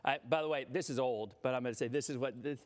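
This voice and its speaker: A man's voice: medium pitch, fast. A middle-aged man hosting a live-streamed weather show, chatting casually and laughing between lines.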